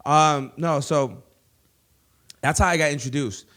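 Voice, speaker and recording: A man's voice: on the high side, unhurried, fairly bright tone. A man hosting a comedy podcast in a studio, chatting casually with lots of rambling, laughter and crude asides.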